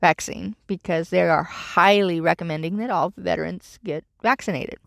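A woman's voice: fairly low pitch, moderate pace, creaky, no echo, clean studio sound. A middle-aged woman vlogging casually, telling a rambling, exasperated story about her troubles. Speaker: vlogger living in her vehicle. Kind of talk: casual chat.

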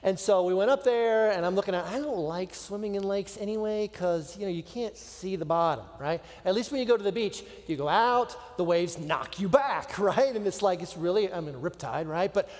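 A man's voice: high voice, moderate pace, few pauses. A middle-aged man from Florida preaching a sermon, telling a personal story and acting out his own panicked thoughts. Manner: animated, acts out his own panic in quoted asides. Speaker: pastor. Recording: long reverb of a large hall.

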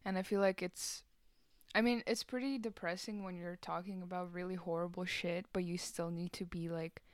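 A woman's voice: fairly low pitch, fairly even intonation, normal speed, smooth, no echo, studio quality. Laid-back nineteen-year-old woman podcaster. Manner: laid-back, swears casually, trails off with fillers. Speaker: podcast co-host. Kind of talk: casual chat.

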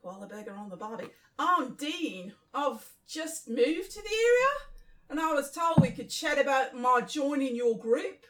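A woman voicing an Australian man who has just moved to the area, in a halting, unrehearsed sketch reading. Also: high-pitched, big pitch swings, fairly bright tone, far from the mic, full character voice. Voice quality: stock-phrase accent read unrehearsed, halting.

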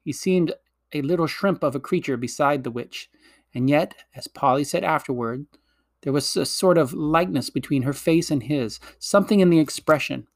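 A man narrating a children's fantasy story in a gentle, measured storytelling manner. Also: a little high, no room sound, clean studio sound. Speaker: audiobook reader.

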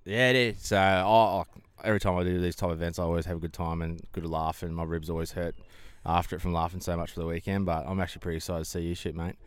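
A man's voice: deep voice, flat delivery, clear, resonant tone, dry recording. A man with a New Zealand accent, a shooting competitor chatting easily and laughing through an interview. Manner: fast, laughing, easygoing. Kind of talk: casual interview answers.

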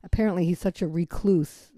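An American woman hosts her podcast and tells a story in a candid, unfiltered way. Her voice sits low and mellow. The recording is dry and close, with no room sound. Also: brisk, no echo. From United States. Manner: candid and swears freely. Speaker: podcast host. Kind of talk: casual storytelling.

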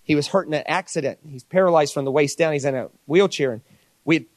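A man preaching a sermon, telling stories with lively dialogue and playful asides. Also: fairly high pitch, quick pace, dry recording. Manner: animated storytelling with mock voices. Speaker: pastor.

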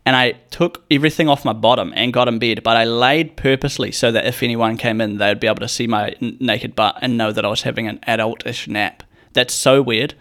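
A young man spinning a long, rambling story in casual chat. His voice sits at an ordinary middle pitch, and he swears freely and drops into little acted-out voices for the people he quotes. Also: fairly even intonation, brisk, few pauses, a bit bright.

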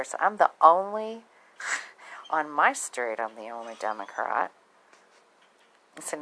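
A woman speaking in a low, deep voice. She talks to her viewers in a blunt, outspoken way, swearing freely and not holding back. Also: very animated, a little slow, pauses often, a bit bright, low-quality recording. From southern United States. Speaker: vlogger. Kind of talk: casual monologue to camera.

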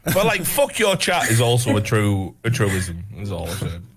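A man's voice: wildly swooping pitch, moderate pace, crowd noise. A man ranting and joking in a casual group voice call. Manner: ranting, profane, swings high and low. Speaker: panel guest.

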